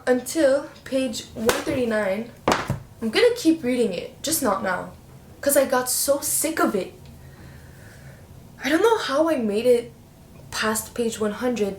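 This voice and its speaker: Young female book vlogger, slightly high voice, chatty and animated, roomy echo, faint hiss. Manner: chatty, expressive, playful slang. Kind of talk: casual book review chat.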